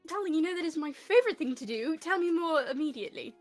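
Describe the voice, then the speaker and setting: A woman's voice: very high-pitched, animated, fast, faint music behind, pitched above the performer's own voice. A woman voicing a glamorous, gushing socialite who loves scandal, in a tabletop role-play podcast. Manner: theatrical, calls people darling.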